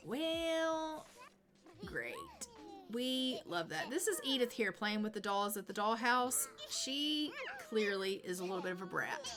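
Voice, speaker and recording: A woman's voice: mid-range voice, lively intonation, measured pace, over music. A woman streaming a life-sim game, chatting casually with dry, sarcastic asides. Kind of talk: casual gameplay commentary.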